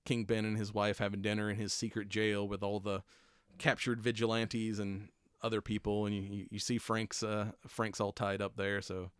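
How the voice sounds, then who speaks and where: A man's voice: lowish voice, flat delivery, moderate pace, clean tone, no echo, clean studio sound. A man hosting a podcast, chatting casually through a TV episode recap, swearing freely, laughing often and acting out the characters' lines. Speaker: podcast host.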